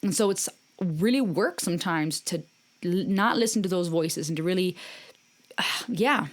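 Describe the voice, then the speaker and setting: A woman's voice: fairly low pitch, unhurried. A woman hosting a music reaction video, talking casually and earnestly, with encouraging, faith-based remarks to her viewers.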